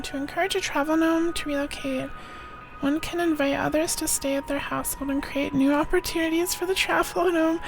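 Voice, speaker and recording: A young woman streaming a game, reading text aloud, giggling and thinking out loud. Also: sits high. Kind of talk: live game stream commentary.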